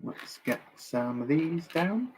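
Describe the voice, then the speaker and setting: A man's voice: a little high, big pitch swings, slow pace, noisy background. A young man chatting casually on a live stream while building, reading chat aloud and joking at his own expense. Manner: chatty, reads chat aloud, self-deprecating jokes.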